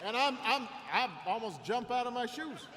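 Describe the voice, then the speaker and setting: A man's voice: extremely high pitch, lively intonation, a crowd in the background. Middle-aged man giving a rousing speech. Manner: halting repetitions, slow build to shouted climax. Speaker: political candidate speaking at a rally. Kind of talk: storytelling campaign speech. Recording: long reverb in a large hall, faint noise.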